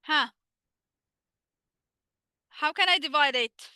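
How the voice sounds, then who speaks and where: A woman with an Egyptian accent, a native Arabic speaker, teaching a live online English lesson. She asks questions and answers them herself, says her English slowly and her Arabic asides fast. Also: sits high, sharp tone, dry recording.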